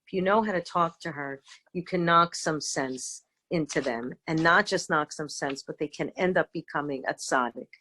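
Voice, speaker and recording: A middle-aged woman teaching an informal online lesson over a video call, talking in a halting way with many fillers and restarts. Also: sits low, sharp tone, slight background noise. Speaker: rabbanit teaching a seder talk. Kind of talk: informal virtual lecture.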